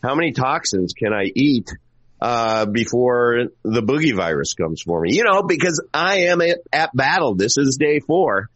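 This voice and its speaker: A man's voice: sing-song, normal speed, a bit bright, dry recording, lo-fi sound. A man hosting a podcast, introducing his guest in a showy announcer manner, then chatting casually. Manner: theatrical announcer delivery with big pitch swings. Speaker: podcast host. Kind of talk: showman-style intro then casual chat.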